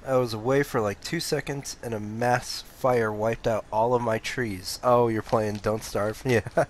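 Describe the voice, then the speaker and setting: A man's voice: medium pitch, steady tone, unhurried, a little hiss or hum. Sleepy, laid-back male streamer. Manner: laid-back, swears freely, answers chat. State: sleepy, phlegmy throat. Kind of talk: casual gaming stream chat.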